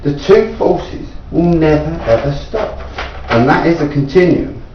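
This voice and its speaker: A man from England makes an insistent, repetitive appeal to anyone watching, his fairly high voice climbing as he pleads. He sits some way from the mic in an echoey room at home. The recording is dull and lo-fi. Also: lively intonation, unhurried, distant mic, background noise. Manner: insistent, repetitive, rising in pitch when pleading. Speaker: self-taught inventor. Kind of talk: earnest appeal to viewers. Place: indoors at home.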